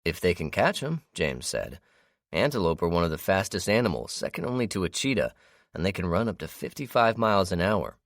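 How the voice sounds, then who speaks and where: A man as a calm hunter explaining. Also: deep voice, a little fast, no room sound, studio quality, pitched above the performer's own voice. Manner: explaining, patient. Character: grown man, a hunter and guide, calm and steady.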